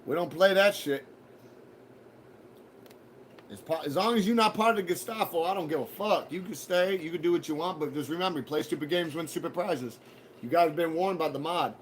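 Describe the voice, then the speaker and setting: A man's voice: on the high side, moderate pace, a little hiss or hum. A man hosting a casual live stream, rambling to his viewers with profane, mock-threatening banter. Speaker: livestream host.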